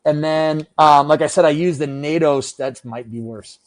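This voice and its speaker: A man with a slightly high voice talks in a loose, rambling way on a podcast. He swears freely and keeps poking fun at himself. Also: normal speed, over a noisy crowd. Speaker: podcast guest, gear maker. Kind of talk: casual podcast chat. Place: room with adjustable lights.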